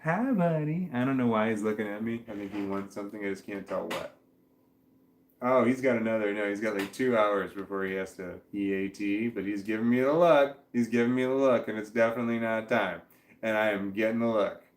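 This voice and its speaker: A man casually reading viewer comments aloud on a stream at home, halting, repeating words and stumbling over names as he goes. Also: lowish voice, reverberant, a little hiss or hum. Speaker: vlogger reading chat comments. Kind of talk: casual livestream chat. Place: indoors at home with his dog. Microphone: webcam.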